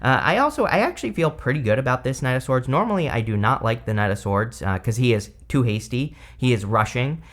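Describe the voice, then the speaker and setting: A man's voice: medium pitch, expressive, a little fast, few pauses, fairly bright tone. A man giving a casual tarot reading, chatty and rambling with many fillers, who has the hiccups. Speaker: tarot reader.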